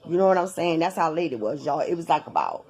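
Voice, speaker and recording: A woman vlogger telling a personal story to her viewers in a casual, animated way. She swears freely, repeats herself for emphasis and keeps talking straight to her audience. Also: low voice, fast. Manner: animated, profane, addresses viewers directly with lots of repetition.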